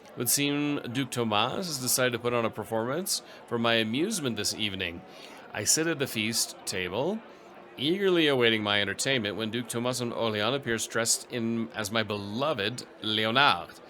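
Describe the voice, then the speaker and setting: A man's voice: mid-range voice, normal speed, sharp tone, a little hiss or hum. A man commentating a strategy game, reading event text aloud with dry, wry asides. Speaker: let's play host.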